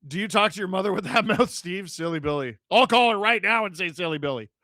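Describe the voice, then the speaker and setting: Excitable joking man hosting a live stream. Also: high-pitched, quick pace, no room sound, clean studio sound. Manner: joking, excitable, shouts on goals. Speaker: livestream host reading chat. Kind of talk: casual live watch-along chat and play-by-play.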